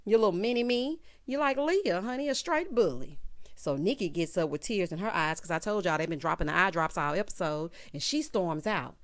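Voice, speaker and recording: A woman's voice: on the low side, expressive, normal speed. Sassy woman recapping a TV episode. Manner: sassy, chatty, talks straight to viewers. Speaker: TV recap vlogger. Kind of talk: casual episode recap commentary.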